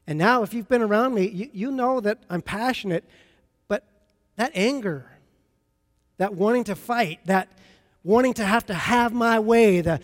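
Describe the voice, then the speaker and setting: A man preaching a sermon in a high voice, chatty and full of stories as he talks to his congregation. His voice rings through a large church sanctuary with a long reverb. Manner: conversational, storytelling preacher. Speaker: pastor.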